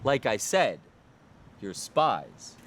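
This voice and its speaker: A man's voice: medium pitch, big pitch swings, drawn-out words, fairly bright tone, pitched below the performer's own voice, exaggerated voice. A man voicing a suspicious male ruler who sarcastically interrogates strangers as spies. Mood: sarcastic. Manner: sarcastic, accusing.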